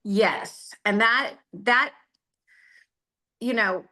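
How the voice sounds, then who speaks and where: Woman guest, forties, bright clear tone, measured and open. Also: medium pitch. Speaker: podcast guest. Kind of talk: casual interview chat.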